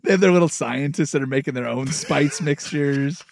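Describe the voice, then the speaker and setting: A man hosting a sports radio show, giving relaxed analysis and bantering with his co-host. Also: a little high, moderate pace, vocal fry, no room sound. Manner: conversational, loud bursts of excitement.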